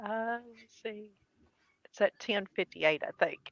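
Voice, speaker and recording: A woman's voice: medium pitch, a little slow, fairly bright tone, muffled recording. A woman co-hosting a casual livestream, chiming in with short laughing remarks. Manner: brief laughing interjections. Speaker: livestream co-host.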